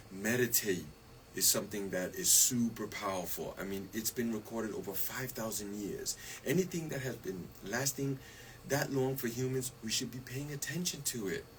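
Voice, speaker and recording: A man's voice: lowish voice, normal speed, few pauses, rough recording. Guy on a radio show talking stress, laughs a lot, keeps saying you see, faint hum behind. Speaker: wellness guest. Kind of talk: casual radio chat.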